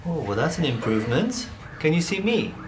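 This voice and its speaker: A man working as an eye surgeon, speaking calmly and reassuringly with frequent ums, in a documentary interview and at a patient's bedside. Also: on the high side, a little fast, noisy background. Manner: calm, reassuring, hesitant with ums.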